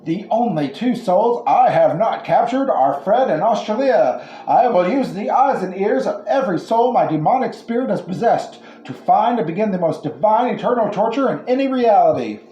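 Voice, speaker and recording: A man's voice: high voice, lively intonation, moderate pace, hardly any pauses, dark tone, dull audio, pitched above the performer's own voice. A man doing Zuzu, a gloating hive-mind demon. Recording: echoey room with faint ambience.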